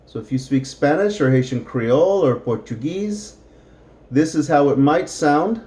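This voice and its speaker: A man teaching a beginner English lesson, drawing out example phrases slowly and clearly so learners can repeat them. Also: a little high, lively intonation, mellow.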